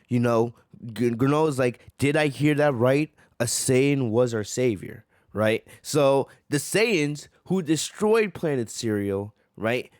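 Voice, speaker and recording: A man's voice: mid-range voice, no room sound, studio quality. A man hosting a manga reaction, talking eagerly and often checking in with "right?". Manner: eager, keeps asking "right?". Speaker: host.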